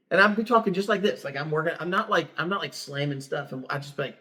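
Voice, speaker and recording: A man's voice: a little high, fast, few pauses, sharp tone. A middle-aged man, a pastor co-hosting a podcast, telling stories in a plain, straightforward way and laughing easily. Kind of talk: casual chat.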